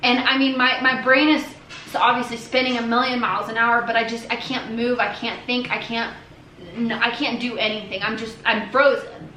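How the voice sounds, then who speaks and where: Bright-voiced young woman telling a story. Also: fairly high pitch, little pitch movement, normal speed, a little hiss or hum. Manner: earnest, many fillers and restarts. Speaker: family vlogger. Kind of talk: casual storytelling to camera. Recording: echoey room with faint ambience.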